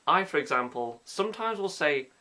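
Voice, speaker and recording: A man's voice: on the high side, expressive, normal speed, bright, forceful tone. A young man in his late teens from Yorkshire with a mild Yorkshire accent, chatting in a casual, self-mocking vlog. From Yorkshire, England. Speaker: vlogger.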